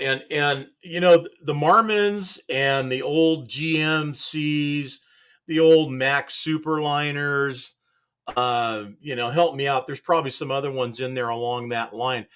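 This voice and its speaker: A man's voice: on the high side, unhurried, a bit bright. A man hosting a casual studio chat show, talking in a rambling, laid-back way and chuckling often. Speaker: show host.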